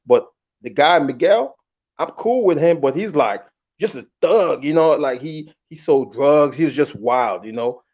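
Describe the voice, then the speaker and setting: A man telling a long personal story in a casual, candid and animated way, acting out the quotes. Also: on the high side, unhurried. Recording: muffled lo-fi audio.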